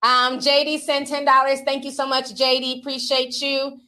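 A middle-aged woman from the Midwest hosting a casual livestream, reading super chats in a playful, slangy, animated way and laughing often. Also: high-pitched, moderate pace. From Minnesota.

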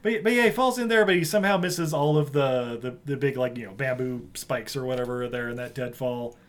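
A man casually recapping a film plot for friends on a podcast, animated and laughing, with many restarts. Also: mid-range voice, a little fast. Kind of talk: casual chat.

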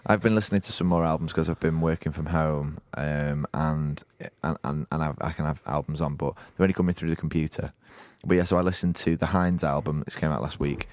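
A man's voice: very deep voice, steady tone, fairly quick, hardly any pauses, darkish tone, no room sound. A male radio host in casual chat, rambling with many restarts and laughs.

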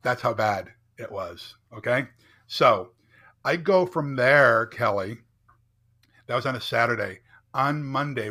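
Middle-aged man, bright tense voice, earnest storytelling, emphatic, keeps asking "right?". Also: on the low side. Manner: earnest, emphatic, often asks "right?" to check in. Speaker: podcast guest, entrepreneur and speaker. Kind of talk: personal storytelling in conversation.

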